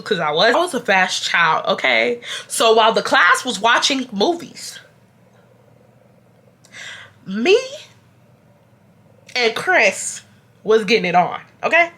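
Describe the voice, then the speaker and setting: Bright-voiced young woman, chatty and unwell. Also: mid-range voice. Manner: chatty, animated, talks straight to viewers with y'all. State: sick, feeling unwell. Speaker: YouTube storyteller. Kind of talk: casual storytime vlog.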